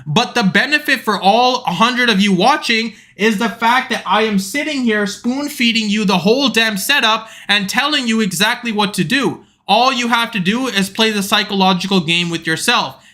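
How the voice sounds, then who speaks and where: Blunt, bright-voiced man lecturing his stream. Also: high voice, normal speed, few pauses. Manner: blunt, lecturing, swears freely. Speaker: crypto trading streamer. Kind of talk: live stream talk to chat.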